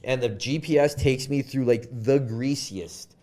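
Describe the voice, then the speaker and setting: A young Canadian man, a guest on a podcast, tells a story in an unhurried, mid-range voice. He's animated and casual, full of fillers, and acts out the quoted lines.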